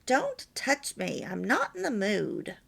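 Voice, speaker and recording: A woman voicing an irritable wife who nags and complains loudly at her husband. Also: medium pitch, huge pitch swings, slow pace, gravelly, husky, full character voice. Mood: nagging. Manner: sharp, complaining, loud.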